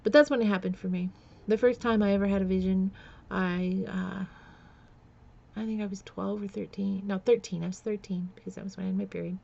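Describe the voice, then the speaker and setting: A woman telling a personal story on a vlog in a halting way, with many fillers and restarts, sometimes close to tears. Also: medium pitch, fairly even intonation, vocal fry, warm tone, lo-fi sound. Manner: emotional, close to tears at times. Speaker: vlogger.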